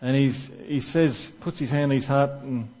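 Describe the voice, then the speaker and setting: A man delivers a sermon in a church in an easy, conversational way, putting questions to his listeners. His voice sits at a middle pitch. The recording sounds somewhat dull and lo-fi. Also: moderate pace, a little mellow. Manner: conversational, asks the congregation questions. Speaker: preacher.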